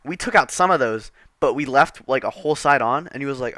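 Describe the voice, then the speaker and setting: A man's voice: medium pitch, lively intonation, fairly quick, sharp tone, dry recording, clean studio sound. A man telling a rambling, profane storytime, exasperated and casual.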